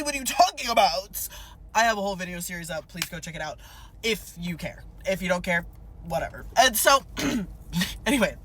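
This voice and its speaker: A vlogger telling a story to camera in an animated, expressive way, acting out scenes, laughing and swearing. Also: mid-range voice, a little hiss or hum.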